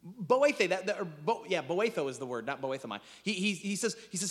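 A man preaching with a high, restless voice that leaps up and plunges low. He stammers through restarts, then drops to a near-whisper. The sound rings with a long hall reverb. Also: very animated, fairly quick, few pauses. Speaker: pastor. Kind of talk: sermon.

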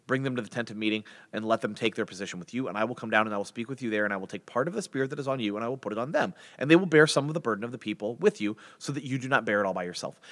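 A man teaches a Bible passage in easy, conversational speech, slipping into voices for the characters. His voice sits in a middle register. A long reverb trails after his words. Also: mid-range voice. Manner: conversational, animated, acts out biblical characters in voices.

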